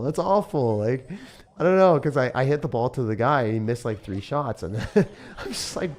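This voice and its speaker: A man chatting excitedly while live-streaming a mobile game, often laughing and talking to his viewers. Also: medium pitch, normal speed. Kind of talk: live-stream gameplay chat.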